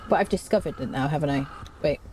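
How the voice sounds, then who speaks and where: A woman streaming a survival game, chatting casually to viewers and humming little tunes as she plays, excitable and quick to jump up in pitch. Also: slight background noise. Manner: chatty, hums and sings little tunes while playing; excitable, jumps high in pitch. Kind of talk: casual gameplay commentary.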